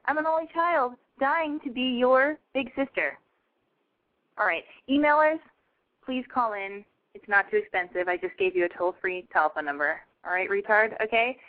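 A brash woman hosting a call-in talk show, with a fairly high voice and giddy, swearing chatter. The sound is thin and narrow, like a phone line. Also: moderate pace. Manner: brash, giddy, profane, animated. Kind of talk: casual talk radio monologue.

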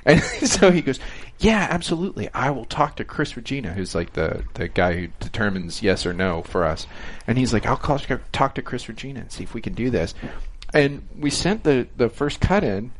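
A man telling a lively behind-the-scenes story on a panel, acting out the people he quotes and laughing often. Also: medium pitch, normal speed, hardly any pauses. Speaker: TV director. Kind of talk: casual anecdote on a panel.

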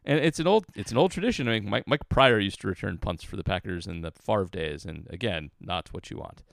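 A man's voice: on the low side, animated, brisk, gravelly, fairly bright tone, no room sound. A man co-hosting a casual sports podcast, giving dry, opinionated takes. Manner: dry, opinionated analysis with frequent restarts. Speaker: podcast co-host.

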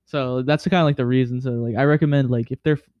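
Fast-talking young man rambling. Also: mid-range voice, fairly even intonation, no room sound, lo-fi sound. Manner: rambling storyteller, fillers like "you know what I mean". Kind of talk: casual chat.

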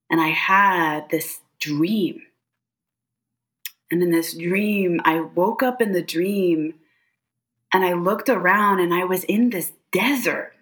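A woman guest on a podcast, recounting a personal experience in an expressive, animated way, often adding "like" and "right?". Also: lowish voice. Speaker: podcast guest, psychic medium. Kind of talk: personal storytelling in conversation.

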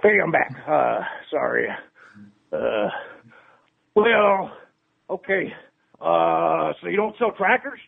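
A man's prank call comes through a tinny phone line, his voice high and heavily gravelly. He rambles with filler words and slides into ranting threats. The sound is raspy and thin throughout. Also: expressive, takes it slowly, long pauses. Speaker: prank caller.

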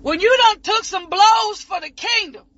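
A woman preaching an ecstatic sermon, shouting and whooping, her voice breaking as if crying. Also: extremely high pitch, normal speed. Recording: muffled lo-fi recording.

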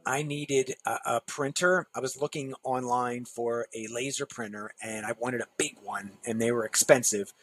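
A man telling a long anecdote as an interview guest, acting out quoted dialogue with lively shifts in his voice. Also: normal speed, few pauses, over music. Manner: animated anecdotes, acts out quoted dialogue with pitch jumps. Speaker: guest, musician and designer. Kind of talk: storytelling in a podcast interview.

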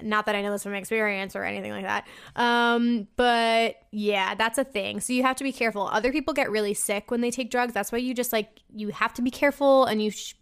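Chatty young woman host, smooth clear voice. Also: fairly high pitch, fairly even intonation, fairly quick, hardly any pauses. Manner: chatty, frank, swears freely, many likes and fillers. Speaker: podcast host reading listener emails. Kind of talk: casual podcast chat.

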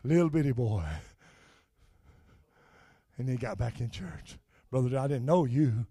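An older man preaching a sermon, moving from soft, low talk to shouted, high-pitched preaching punctuated with "uh, amen". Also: measured pace, husky, no room sound, clean studio sound.

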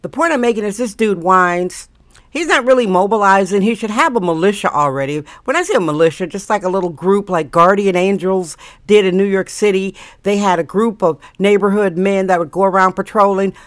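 A woman's voice: medium pitch, brisk, no room sound, clean studio sound. A middle-aged woman hosting her daily show, talking in a blunt, ranting, casual monologue with sarcastic asides.

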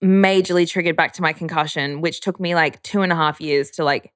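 A woman's voice: deep voice, fairly even intonation, a little fast, no room sound, studio quality. A young woman co-hosting a casual chat, candid and talkative, filling her speech with "like". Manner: chatty, frequent "like" fillers, candid. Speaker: podcast co-host.

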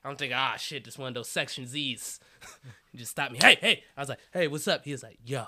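A man's voice: medium pitch, fast talker, pushed and bright. A young man telling a comedy story in a casual podcast chat. He laughs often, swears, and acts out other people's voices. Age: young adult.

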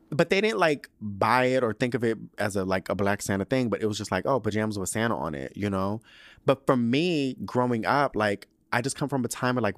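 A young man talks loosely into the mic and drifts from one tangent to the next, swearing freely. His voice sits a little low. The sound is dry and close. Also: clear, resonant tone, no room sound. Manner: chatty, rambling, profane, goes off on tangents. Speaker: podcast host. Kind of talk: casual solo chat.

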